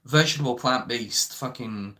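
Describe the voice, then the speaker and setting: Young guy ranting on his vlog, swearing nonstop, rambly, bright pushy voice. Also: medium pitch, moderate pace. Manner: rambling and profane, constant "you know". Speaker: vlogger. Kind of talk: unscripted rant.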